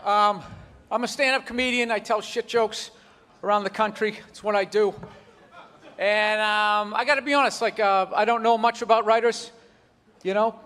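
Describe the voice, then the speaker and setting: Man, stand-up comedian, rambling animated delivery, high-pitched, echoey live club. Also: moderate pace. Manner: rambling and animated, full of "you know" asides. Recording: live club recording with reverb and crowd.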